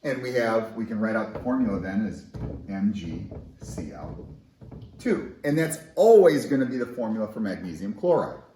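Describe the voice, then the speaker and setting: A man teaching chemistry in a lively, conversational, enthusiastic way, in a recorded classroom lesson. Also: fairly low pitch, normal speed, roomy sound, slight background noise, poor audio.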